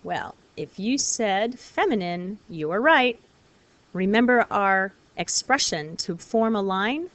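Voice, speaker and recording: A woman's voice: mid-range voice, a bit bright, no echo. Patient woman teaching a lesson. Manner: clear, patient teacher explaining step by step. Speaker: French teacher. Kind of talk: recorded classroom lesson.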